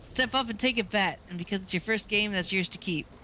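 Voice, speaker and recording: A woman voicing a stuffy, conservative male baseball coach with a pompous, gruff manner. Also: medium pitch, brisk, sharp tone, slight background noise, lightly acted, low-quality recording. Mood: blustering.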